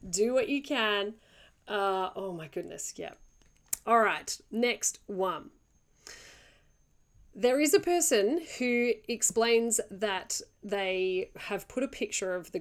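A podcast co-host reads listener stories aloud in casual chat, giggling often, chatting freely and wandering off on tangents. Her mid-range voice has lively intonation, and she takes things slowly.

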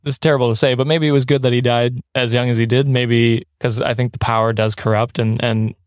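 A man's voice: medium pitch, little pitch movement, fairly quick, no echo, studio quality. A man hosting a podcast, talking casually and rambling a little, often correcting himself and laughing along the way. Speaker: podcast host.

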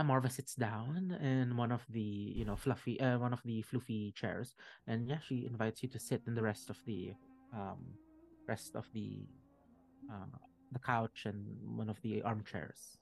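A man's voice: mid-range voice, steady tone, a little slow, gravelly. Guy running a tabletop game, lots of ums and uhs, talks on and on. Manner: rambling with many fillers. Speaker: game master.

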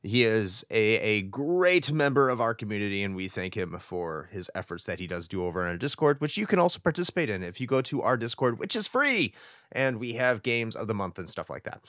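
A man's voice: on the low side, bright, forceful tone, dry recording, clean studio sound. A man hosting a retro gaming podcast, talking in a playful, wordy, alliterative way. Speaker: podcast host. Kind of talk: casual podcast chat.

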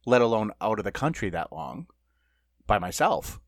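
A man's voice: on the low side, very animated, moderate pace, no room sound, studio quality. A man co-hosting a podcast in casual chat, telling stories in a rambling way full of fillers. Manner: rambling, filler-heavy storytelling. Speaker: podcast co-host.

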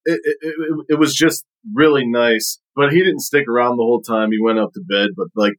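A man telling a relaxed personal story on a podcast, rambling and leaning on fillers. His voice sits at an everyday middle pitch. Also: a little fast, rough recording. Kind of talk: casual storytelling.

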